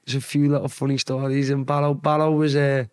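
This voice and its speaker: A man's voice: mid-range voice, fairly quick. A young Scouse man from Liverpool, a former footballer telling stories as a podcast guest in casual, swear-heavy chat. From Liverpool, England. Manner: swearing, animated storyteller. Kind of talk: casual storytelling.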